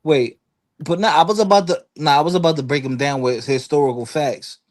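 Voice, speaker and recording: Man, panel guest, slightly high voice, loose storytelling style with acted-out quotes. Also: a little fast. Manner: animated storytelling, acts out quotes, frequent fillers. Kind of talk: casual chat.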